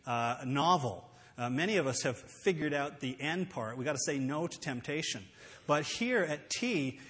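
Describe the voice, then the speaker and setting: A man preaching a sermon, earnest and emphatic, slowing down to read scripture aloud. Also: a little high, fairly bright tone. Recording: long hall reverb.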